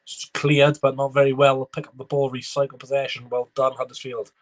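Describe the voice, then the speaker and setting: In a level, mid-range voice and at a brisk pace, a young man reacts live to a football match on stream. He mixes play-by-play commentary with answers to his chat.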